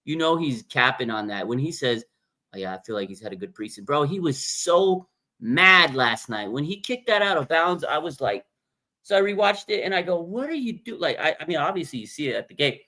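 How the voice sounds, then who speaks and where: Blunt, animated man on a fan livestream. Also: on the high side, moderate pace. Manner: animated, blunt, reads viewer comments. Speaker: livestream host. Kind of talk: casual fan commentary.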